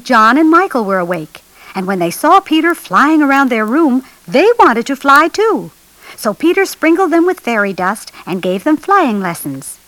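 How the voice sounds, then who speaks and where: A woman reading a children's storybook aloud in an expressive, animated way, lifting her voice for the children's lines. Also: high-pitched, rough recording. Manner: lively expressive read-aloud, raising her voice for children's dialogue. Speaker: storybook narrator.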